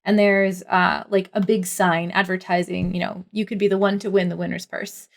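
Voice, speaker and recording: A woman's voice: fairly low pitch, little pitch movement, moderate pace, creaky. Rambling woman game master. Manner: rambling, full of "like" and "um". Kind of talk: narrating a tabletop game.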